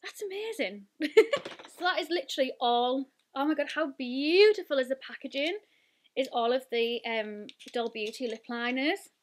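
Bubbly brit girl in her 20s, high voice, gushy chatty beauty vlog talk. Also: moderate pace, slight background noise. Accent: British. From United Kingdom. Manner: gushing, chatty, lots of "like" and "oh my god". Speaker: beauty vlogger. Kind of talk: excited unboxing and swatching.

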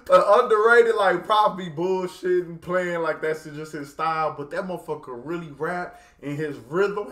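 A man hosting a casual music reaction, talking in a slangy, profane and excitable way. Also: a little high. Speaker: reaction channel host. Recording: echoey room with background noise.

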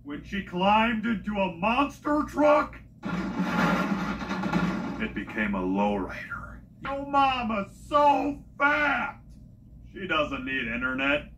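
A comedic joke teller with a punchy delivery who shouts each setup line before the punchline. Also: medium pitch, wildly swooping pitch, takes it slowly, a little hiss or hum.

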